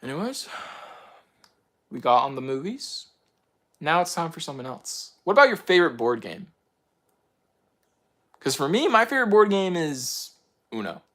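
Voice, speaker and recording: Young male host, casual, rambly and eager, slightly high, very animated pitch. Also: moderate pace, pauses often. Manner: excitable, rambling, heavy use of "like" and "bro". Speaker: channel host answering viewer picks. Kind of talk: casual chat.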